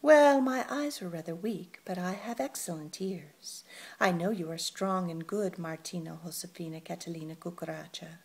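A woman voicing a gentle, shy male mouse in a storybook reading, soft and warm. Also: fairly low pitch, moderate pace, breathy edge. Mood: tender.

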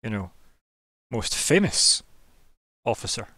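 A man voicing a smug, imperious male alien patron who gives orders in an oily, condescending, drawn-out way. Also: lowish voice, big pitch swings, sharp tone, no echo, heavily acted.

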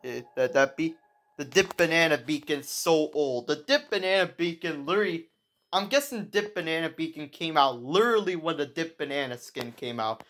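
A young woman giving excited commentary over her gameplay, full of exclamations, repeats and restarts. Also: sits low, moderate pace. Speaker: gaming video creator.

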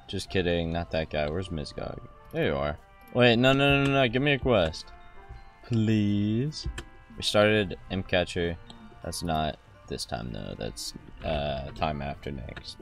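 Deep-voiced man joking through gameplay. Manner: jokey, rambling, with mock-dialogue asides. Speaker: gaming video host.

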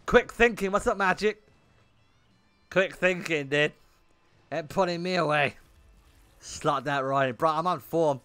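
A man's voice: on the high side, unhurried, long pauses, pushed and bright, clean tone, dry recording. A young man streaming a game, chatting bluntly with his viewers and swearing often. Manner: blunt and swearing, talking to chat in bursts. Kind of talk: casual livestream chat while gaming.

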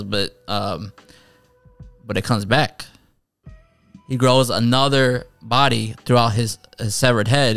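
A man with a lowish, fairly bright, smooth voice casually reviews an anime episode for his channel, recorded with no room sound. He retells scenes in a rambling way, full of fillers and restarts.

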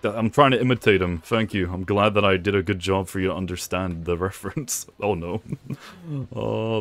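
A young man giving live commentary over his own gameplay, playfully teasing his opponent with mock complaints. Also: on the low side. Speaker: gaming video creator.

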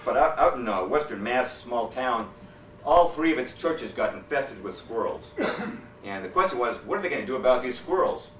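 A man's voice: medium pitch, normal speed, slight background noise. Man telling jokes in an echoey hall. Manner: deadpan storyteller who acts out quoted characters. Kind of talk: joke telling to a live audience. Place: lecture hall with an audience. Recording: echoey hall, distant mic. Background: audience laughter.

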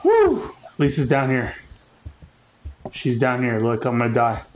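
A man's voice: medium pitch, little pitch movement, unhurried, a little hiss or hum, low-quality recording. A man commentating as he plays a horror game, joking and teasing the game, with jumpy outbursts. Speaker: gaming channel host.

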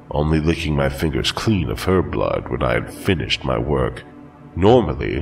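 A man voicing a calm, formal ancient demon-bound master who speaks in a measured way. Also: very deep voice, vocal fry, recorded from a distance, full character voice.

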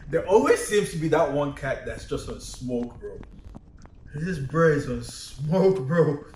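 A man's voice: a little high, animated, measured pace, darkish tone, echoey room, slight background noise. A man commenting casually on videos, profane and slangy, laughing often between remarks. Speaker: streamer reacting to videos.

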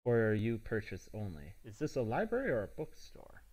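A man's voice: fairly low pitch, wildly swooping pitch, fairly quick, darkish tone, breathy edge, rough recording. A man playing a tabletop game in character, asking questions and hesitating often. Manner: hesitant, inquisitive. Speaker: player.

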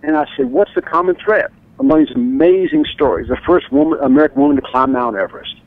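A man talking as an author and radio guest, telling stories with enthusiasm and acting out quotes with big jumps in pitch. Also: fast, no echo. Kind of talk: animated radio interview storytelling. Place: radio studio or phone line. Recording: dry tinny phone-line sound.

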